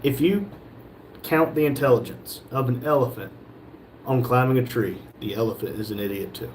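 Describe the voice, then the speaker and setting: A man's voice: medium pitch, normal speed, a little hiss or hum. A man hosting a live stream from a shop, reading viewers' comments aloud and joking back at them. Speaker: livestream host reading chat. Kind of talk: casual live chat.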